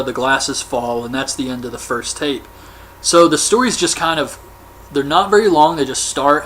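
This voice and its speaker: A man's voice: fairly high pitch, fairly bright tone, slight background noise. A man recapping a horror film in a casual, offhand way, as a movie reviewer. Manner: chatty, offhand, colloquial.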